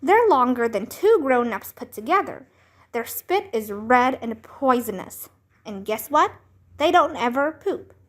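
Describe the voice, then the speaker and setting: A woman's voice: fairly high pitch, sing-song, unhurried. A woman reading a dramatic know-it-all girl. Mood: explaining. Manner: dramatic, confident explaining. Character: inventive know-it-all young girl Ivy. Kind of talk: children's book read-aloud.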